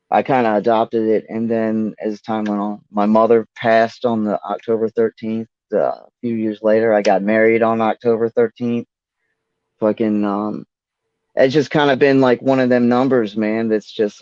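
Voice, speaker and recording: A man's voice: fairly low pitch, flat delivery, measured pace, darkish tone, dry recording. A man talking as a guest rapper in a rambling, laid-back way, swearing casually. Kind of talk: casual interview chat. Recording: dull lo-fi dry audio.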